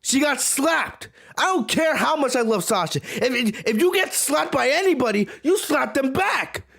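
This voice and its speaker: High-voiced guy ranting on his podcast, swinging all over the place, yelling at his chat. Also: gravelly. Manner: ranting, shouts back at viewers in chat; repeats words for emphasis. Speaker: podcast host. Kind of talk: heated wrestling review rant.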